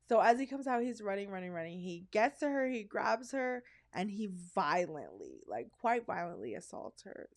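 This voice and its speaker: Woman podcast cohost, casual and chatty, animated storyteller, mid-pitched voice. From Canada. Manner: candid, animated storyteller who slips into voices. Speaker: podcast co-host. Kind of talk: casual chat.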